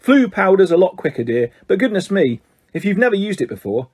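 A fretful, motherly witch, voiced by a man reading aloud in an audiobook. Raised pitch with a husky grain. She fusses over everyone. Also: big pitch swings, brisk, heavily acted. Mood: fussing. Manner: fussy and anxious, raised and bright. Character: fussing, motherly middle-aged witch.

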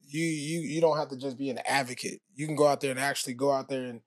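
A man, a former pro athlete, telling his story as a podcast guest in a relaxed, casual way with many fillers. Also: medium pitch, fast talker, no room sound, studio quality. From United States. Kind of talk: casual interview talk.

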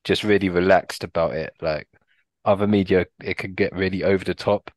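A man with a very deep voice, chatting easily on a film podcast. His delivery is relaxed and unhurried. The recording sounds dry and close. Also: no room sound. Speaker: podcast co-host. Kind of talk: casual film chat.

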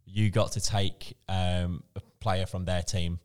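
A man's voice: low-pitched, flat delivery, slow, a little mellow, smooth. A man co-hosting a podcast, chatting casually and rambling with fillers and restarts. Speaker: podcast co-host. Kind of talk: casual chat.

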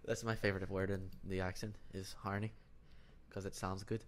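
A man doing an over-the-top put-on Irish accent, pitched a bit high, cocky and playful, repeating words for effect. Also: little pitch movement, moderate pace, a little hiss or hum, natural voice.

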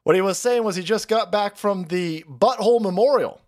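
A man's voice: high-pitched, normal speed. A man ranting crudely on a live stream, mocking and often breaking into laughter. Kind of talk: profane ranting commentary.

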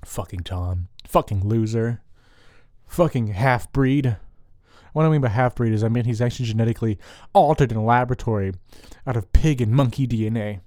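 A man's voice: medium pitch, fairly quick, warm tone, no echo. A man rambling through a crude, profane solo monologue into a close microphone.

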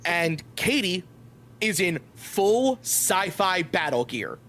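A man's voice: high voice, big pitch swings, slow, sharp tone. A man narrating as game master of a tabletop game over a voice call, upbeat and playful with loose narration.

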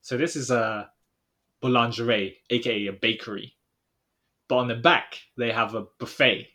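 A young man, co-hosting a podcast and recounting a trip in casual chat, rambling with many fillers and trailing off quietly. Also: mid-range voice, fairly even intonation, normal speed. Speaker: podcast co-host.

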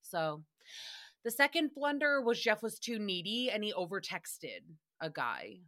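A woman's voice: mid-range voice, very animated, measured pace, a bit bright. A young adult woman hosting a casual solo podcast recap, chatty, profane and sarcastic. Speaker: podcast host recapping a radio show.

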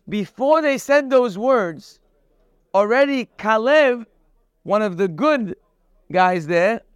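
Man teaching a Torah class, high voice, slow and deliberate, quotes and translates verses, acts out quoted speech. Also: smooth, no echo, studio quality. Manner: explains step by step, quoting and translating Hebrew verses; acts out quoted speech with sudden raised emphasis. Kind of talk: lecture-style Torah class.

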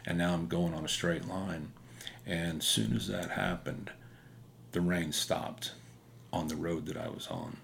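Middle-aged man, deep and gravelly, earnest rambling testimony storyteller. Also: steady tone, measured pace, a bit bright, slight background noise. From Kansas. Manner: earnest, rambling, with many fillers. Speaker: motorcycle rider giving testimony.

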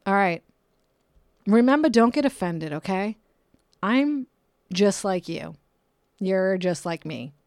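A woman hosting her own podcast in a casual solo monologue, her voice swinging up and down with jokey asides and soft whispered moments. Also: mid-range voice, expressive, slow, long pauses, no echo, clean studio sound. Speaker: podcast host. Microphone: close podcast microphone.

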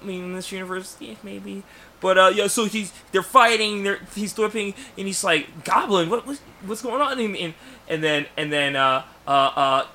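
A man casually pitching a story idea on a podcast, rambling and acting out characters' lines under his breath. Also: bright, forceful tone. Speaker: podcast co-host. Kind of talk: casual fan podcast chat.

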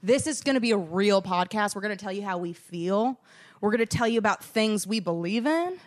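A woman's voice: medium pitch, animated, a little fast. Teasing young woman co-hosting a podcast. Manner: teasing, laughing, joking banter. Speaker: podcast co-host. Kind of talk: casual chat.

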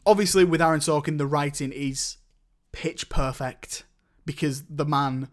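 A man's voice: fairly high pitch, fairly even intonation, unhurried. A young man in casual chat, reviewing films with a rambling manner and many restarts. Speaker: podcast co-host reviewing films.

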